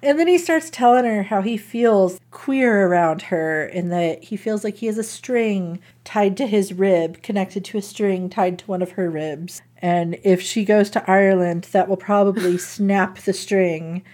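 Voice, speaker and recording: A woman's voice: medium pitch, measured pace, dark tone. A woman hosting a casual chat, retelling a story in an irreverent, giggly way with swearing. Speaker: podcast host.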